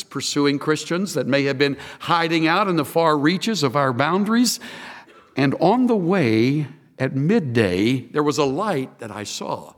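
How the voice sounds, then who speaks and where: A preacher voicing an earnest, fervent Paul. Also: male voice, fairly high pitch, a bit bright, long reverb tail. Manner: earnest, repeats words in bursts as if overcome. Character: the apostle Paul, a fervent man defending himself before a king. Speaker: pastor. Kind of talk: first-person dramatized preaching.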